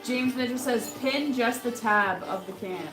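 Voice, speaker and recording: A woman co-hosting a casual live stream, reading viewer comments aloud in a relaxed way. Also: a little high, a little slow. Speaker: co-host reading the live chat. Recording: echoey room, voice off-mic, music behind.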